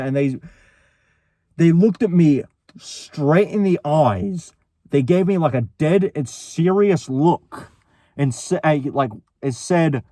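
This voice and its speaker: Young man, casual storyteller, rambling with restarts, slightly high voice, dry close sound. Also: expressive, unhurried, warm tone, no echo. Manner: rambling, full of restarts, quoting both sides of a quarrel.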